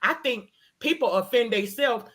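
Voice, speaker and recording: A woman's voice: fairly high pitch, normal speed, fairly bright tone. A woman hosting a casual talk, ranting in a heated, emphatic way and repeating her points. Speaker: host. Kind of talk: casual chat.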